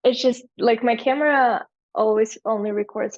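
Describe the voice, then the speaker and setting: A woman's voice: a little high, fairly even intonation, moderate pace, dry recording, highs cut off. A young Russian woman, an English teacher, chatting in an interview over a video call, speaking English with an American-leaning accent, laughing often and using many fillers. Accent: American-leaning English learned as a second language. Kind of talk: casual interview chat.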